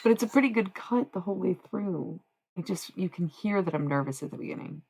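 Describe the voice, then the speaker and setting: A woman streaming live, chatting casually and profanely with her viewers, rambling between quiet musing and loud bursts. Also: on the low side, expressive, fairly quick, creaky, a little hiss or hum. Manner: rambling, profane, talks to chat.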